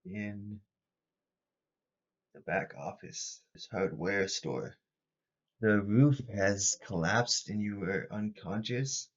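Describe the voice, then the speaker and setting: A man running a tabletop horror game as host and game master, narrating with deliberate pauses. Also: lowish voice, dull audio.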